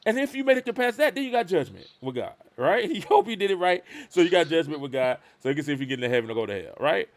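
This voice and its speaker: Animated man telling a story on a live stream. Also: a little high, fast talker, few pauses. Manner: animated, acts out both sides of conversations. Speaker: show host.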